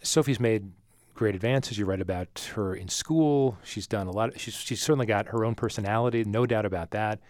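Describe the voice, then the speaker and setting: A man's voice: fairly low pitch, moderate pace, darkish tone, no room sound, studio quality. A man hosting a radio show, introducing a guest and asking probing questions in a conversational way. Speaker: radio host. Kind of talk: radio interview. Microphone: studio mic.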